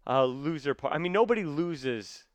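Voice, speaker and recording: A man's voice: on the high side, animated, normal speed, no room sound. A man chatting casually about sports as a guest, talking with many fillers and restarts. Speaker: comedy sketch performer, guest.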